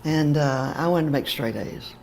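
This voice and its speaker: An older woman, a teacher educator, telling a heartfelt personal story in an animated way, with fillers and laughter. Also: low voice, normal speed, a little hiss or hum.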